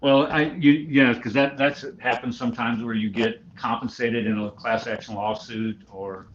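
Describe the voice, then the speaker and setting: A man in halting, hesitant casual chat over a video call. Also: mid-range voice, fairly even intonation, lo-fi sound, slight background noise.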